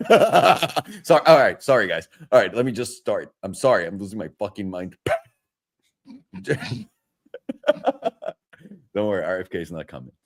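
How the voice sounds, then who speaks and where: A man's voice: fairly low pitch, very animated, unhurried, long pauses. A man hosting a trading stream, chatting casually, joking and laughing often between comments. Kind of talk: casual chat and market commentary.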